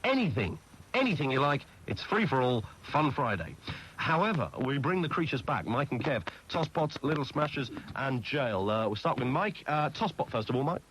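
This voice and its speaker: A man's voice: medium pitch, very animated, moderate pace, a bit bright, rough recording. A male radio host bantering with his guests in a jokey way. His voice rises and falls a lot as he talks. A faint hiss from an old radio recording sits behind him. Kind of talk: casual radio chat. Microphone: studio microphone.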